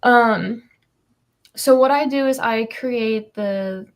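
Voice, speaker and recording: A woman's voice: on the high side, slow. A woman comic artist talking casually on a livestream, explaining her process with many ums and you-knows.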